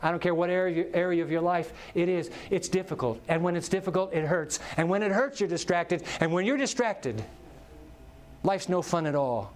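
A male pastor preaching a sermon. He tells stories animatedly and drops to soft, slow words for emphasis. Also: sits high.

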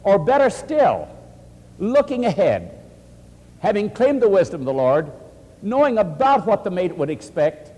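A man preaching and answering questions, earnest and animated, often quoting scripture. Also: sits high, unhurried, in a large hall. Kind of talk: sermon-style question and answer.

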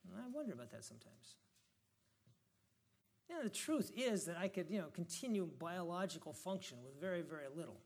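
A man's voice: high voice, very animated, fairly quick. A man giving an informal, reflective sermon, reading scripture aloud and musing on it in a conversational way. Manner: reflective, conversational, reads scripture with rising emphasis. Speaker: preacher.

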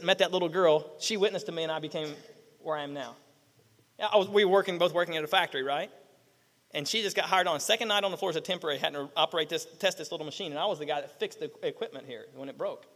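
A middle-aged male pastor preaching a sermon, animated, acting out quotes and firing rhetorical questions at the congregation. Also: high voice, long reverb tail.

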